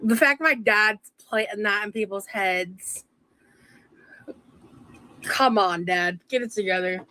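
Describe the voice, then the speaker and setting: A woman's voice: medium pitch, slow pace, long pauses, pushed and bright, low-quality recording. A woman chatting casually in a played clip, joking in a wry, offhand way. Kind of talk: casual chat.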